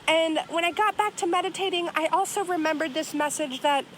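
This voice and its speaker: A woman's voice: extremely high pitch, brisk, a little hiss or hum. A woman in her forties hosting a personal podcast outdoors by a river, talking in an earnest, heartfelt way and often checking in with "right?". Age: 40s. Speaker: podcast host, herbalist. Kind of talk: personal reflective podcast talk.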